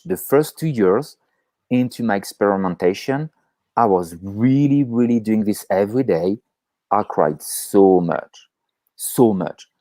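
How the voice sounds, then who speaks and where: A man co-hosting a casual chat on a video call, talking in an animated way, swearing freely and acting out inner voices. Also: on the low side, dry recording. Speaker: podcast co-host.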